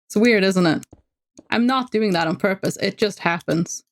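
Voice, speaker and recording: A woman's voice: medium pitch, normal speed. A Norwegian woman, speaking English with a Norwegian accent, chatting casually with her viewers while playing a game on a livestream. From Norway. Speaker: streamer. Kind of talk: casual gameplay livestream chat.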